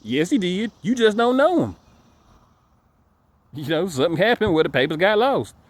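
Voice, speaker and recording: A man's voice: sits high, very animated, moderate pace, no room sound. A man giving a casual ranting monologue to camera, emphatic and repetitive, stumbling over repeated words. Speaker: dog breeder vlogger.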